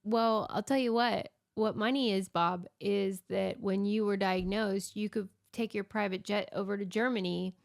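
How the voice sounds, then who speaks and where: A woman co-hosts a podcast in easy, casual chat. She tells stories with wry asides, and her voice carries a gravelly, creaky edge at an ordinary pitch. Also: fairly even intonation, normal speed, few pauses. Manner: chatty storyteller, wry asides. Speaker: podcast co-host.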